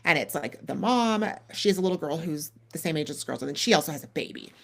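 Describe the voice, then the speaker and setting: A woman in her thirties hosting a podcast, telling a long story in a casual, animated way, full of "like" and acted-out dialogue. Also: low-pitched, quick pace. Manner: animated, lots of "like" and quoted dialogue. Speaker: podcast co-host.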